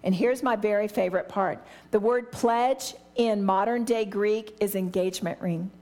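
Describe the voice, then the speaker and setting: A middle-aged woman with a mid-range, dark-toned voice teaches a Bible study at a moderate pace with fairly even intonation. She's eager and exclamatory, acting out little scenes in voices as she explains.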